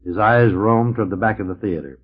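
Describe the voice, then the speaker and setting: A man reading a science fiction story aloud in an expressive narrating voice, taken from an old, dull-sounding record transfer. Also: on the low side, brisk, breathy edge. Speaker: audiobook narrator. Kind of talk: scripted narration.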